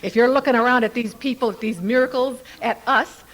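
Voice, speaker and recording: An older woman speaking at a recovery convention before a live audience, an animated, playful storyteller who laughs often. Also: fairly high pitch, brisk. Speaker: Al-Anon speaker.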